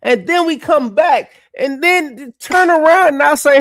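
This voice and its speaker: A man co-hosting a sports podcast, telling stories in a profane, animated way. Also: very high voice, unhurried, no echo, studio quality. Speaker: podcast co-host. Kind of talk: casual sports chat.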